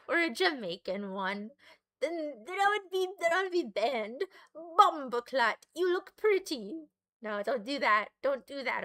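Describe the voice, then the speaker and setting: A woman's voice: high-pitched, pushed and bright, dry recording. A woman streamer reading a webcomic aloud and chatting to her viewers in a giggly, rambling, self-deprecating way. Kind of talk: casual live-stream reading with chat asides.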